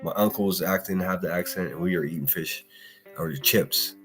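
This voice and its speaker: A man from the Pittsburgh area, with a low-pitched voice and steady tone, talks fast over faint background music. He hosts a casual morning livestream, ranting bluntly, swearing a lot, breaking into laughter and reading chat.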